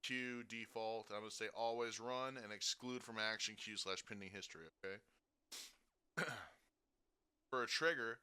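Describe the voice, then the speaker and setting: A man giving a casual software tutorial, talking through each step and checking in with frequent "okay?" and "right?". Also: fairly low pitch, measured pace, long pauses, clean tone. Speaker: streaming tutorial host.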